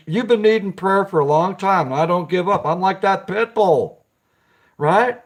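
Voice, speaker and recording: A man's voice: high voice, animated, measured pace. A man hosting a casual live stream, chatting with viewers, greeting them by name and giggling often.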